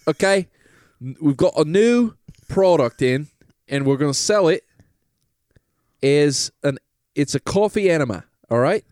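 A man's voice: fairly high pitch, lively intonation, a little slow, pauses often, a little mellow, dry recording, clean studio sound. A man voicing a pushy male salesman, with chummy sales patter. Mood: salesy. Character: brash British male salesman pitching a product.

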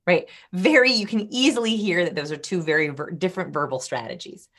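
A woman's voice: on the low side, a little fast, hardly any pauses. A woman guest on a podcast, explaining body language and acting out different vocal tones. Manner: animated, demonstrates vocal tones. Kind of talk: podcast interview.

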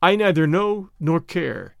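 A man's voice: on the high side, lively intonation, unhurried, creaky, dry recording, clean studio sound. A man reading a story aloud, voicing a bold, defiant young man who protects the woman he loves.

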